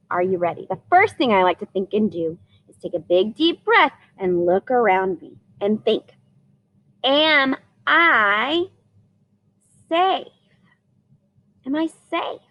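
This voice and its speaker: A middle-aged woman talks to young children in a gentle lesson. Her voice sits fairly high and swoops up and down in a lively, sing-song way. She eases through the lesson with soft fillers. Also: muffled recording. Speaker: teacher.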